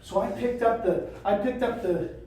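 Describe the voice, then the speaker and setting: A woman's voice: on the high side, moderate pace, warm tone, lightly acted. A woman voicing a young eagle who believes it is a chicken, unsure and boastful. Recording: echoey room from a distance.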